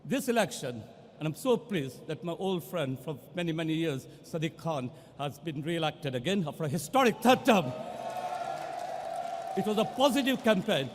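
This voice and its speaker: A man giving a passionate victory speech as a newly elected assembly member, building to rousing shouts in a large count hall. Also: fairly high pitch, very animated, normal speed, a little hiss or hum. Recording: long reverb of a big hall.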